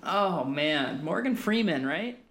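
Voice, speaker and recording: A young man co-hosting a casual film podcast, easygoing and quick to laugh. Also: on the high side, animated, fairly bright tone. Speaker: podcast co-host.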